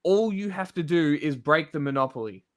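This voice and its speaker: An Australian streamer reacts to a video with a blunt, exasperated, casual rant loaded with swearing. His voice is on the high side with lively intonation at normal speed, in studio quality with no room sound.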